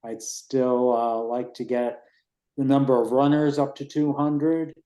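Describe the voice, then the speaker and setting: A man in his sixties giving a rambling, relaxed report on the race he organizes at a town committee meeting. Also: medium pitch, unhurried, reverberant. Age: 60s. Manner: rambling, relaxed, with fillers and restarts.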